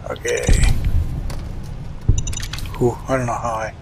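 A man's voice: medium pitch, fairly even intonation, takes it slowly, creaky, noisy background. A man casually commenting on his own gameplay, wry and chatty, muttering to himself and swearing now and then. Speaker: let's play host.

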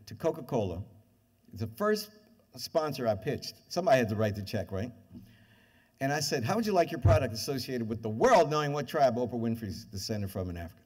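An older man giving a university lecture, telling stories and acting out the voices of the people in them. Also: medium pitch. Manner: lively anecdotes, acts out quoted voices. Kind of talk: animated storytelling lecture. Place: lecture hall with audience. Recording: lecture hall reverb.

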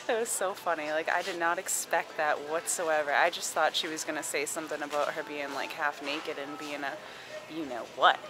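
A woman's voice: low-pitched, fairly even intonation, normal speed, noisy background. A young woman chatting casually in a vlog, giggly and full of filler words. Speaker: vlogger.

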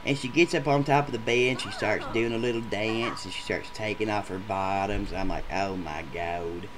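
A man's voice: on the low side, fairly even intonation, normal speed, a crowd in the background, lightly acted. A man voicing a crude, rowdy adult male gameshow contestant who rambles through a profane story in a comedic machinima. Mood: ranting.

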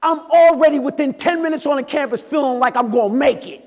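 Animated man speaking in an echoey hall. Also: extremely high pitch, fast talker. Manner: animated storytelling, acts out voices, swings loud and quiet. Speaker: keynote speaker. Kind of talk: motivational talk to a live audience.

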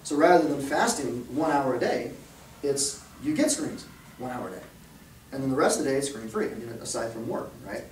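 A man's voice: medium pitch, expressive, fairly quick, slight background noise. A man giving a conversational talk to parents at a church, often checking in with the room with "okay?" and "right?". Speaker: speaker at a church. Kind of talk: talk to parents and youth leaders. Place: church hall. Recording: echoey hall, speaker far from mic.

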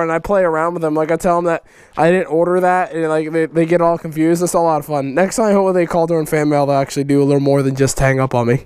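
A man hosting a casual fan mail vlog, excitable, loud and swearing constantly. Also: on the high side, smooth, no echo. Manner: excitable, loud and heavily profane. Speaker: YouTuber host.

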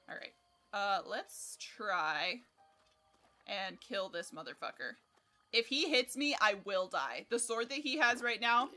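A woman's voice: medium pitch, expressive, unhurried, pauses often, sharp tone, soft background music. A young woman chatting casually while streaming a game, swearing and laughing often as she talks to her chat. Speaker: livestreamer. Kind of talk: casual gameplay commentary.

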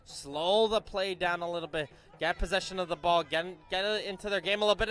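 Bright, high-voiced male soccer commentator. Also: fairly even intonation. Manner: brisk play-by-play, self-correcting names. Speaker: play-by-play commentator. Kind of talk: live youth soccer commentary.

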